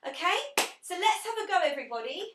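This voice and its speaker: In a live online class, a young pilates instructor counts breaths and offers friendly corrections to participants, at times out of breath. Her voice is very high-pitched with big pitch swings, and she talks fast. She's away from the mic in an echoey room with a noisy background.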